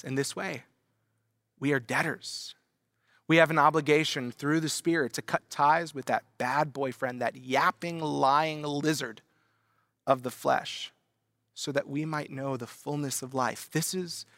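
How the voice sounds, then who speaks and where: Gravelly, animated male preacher. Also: fairly high pitch, no echo, studio quality. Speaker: pastor. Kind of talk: sermon.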